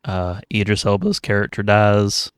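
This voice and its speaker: A man co-hosting a podcast, recapping a film's plot in a measured, deliberate way, with some swearing. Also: fairly low pitch, level tone, clear, resonant tone, no room sound, clean studio sound. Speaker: podcast co-host. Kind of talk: casual chat, recapping a film.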